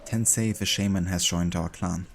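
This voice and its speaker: Low-voiced German man streaming. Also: normal speed, creaky, a little hiss or hum. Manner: relaxed and chatty, with easy laughs. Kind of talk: casual gameplay chat with viewers.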